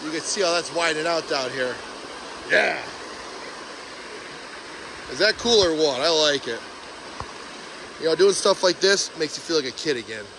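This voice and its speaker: A man vlogging outdoors by a pond, chatty and excited as he narrates while walking with a handheld phone. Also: on the high side, background noise. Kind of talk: casual outdoor vlog commentary. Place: outdoors by a pond and beaver dam. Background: rushing water.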